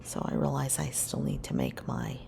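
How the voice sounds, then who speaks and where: A woman's voice: extremely low pitch, normal speed, creaky, slight background noise. A woman narrating her scrapbook crafting in a casual voice-over, rambling and correcting herself as she goes. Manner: rambling, self-correcting, relaxed.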